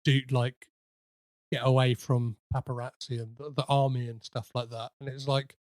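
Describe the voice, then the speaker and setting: A man hosting a podcast, chatting casually about a film in a halting way, with many fillers and restarts. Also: medium pitch, level tone, darkish tone, no echo, clean studio sound. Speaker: podcast host.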